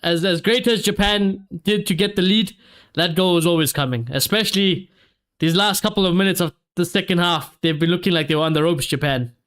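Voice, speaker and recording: Male streamer, high voice, excitable live football watchalong host. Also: brisk, clean tone. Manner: excitable, reacts to play and reads viewer comments aloud. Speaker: streamer hosting a match watchalong.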